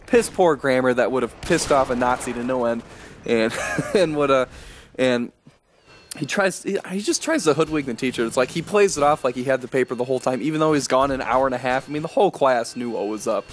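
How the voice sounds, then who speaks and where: A man's voice: mid-range voice, fairly quick, a little hiss or hum. A young American man giving rambling, chuckling commentary over gameplay. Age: young adult. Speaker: gaming commentator.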